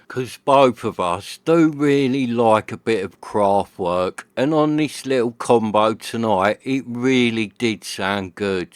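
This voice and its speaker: A man's voice: medium pitch, slow, hardly any pauses, clean tone, no echo. A man from the UK, a hifi vlogger telling a chatty, slangy story about his night at home. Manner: chatty, slangy, acts out his friend's and his own lines. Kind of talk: casual storytelling monologue. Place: home living room.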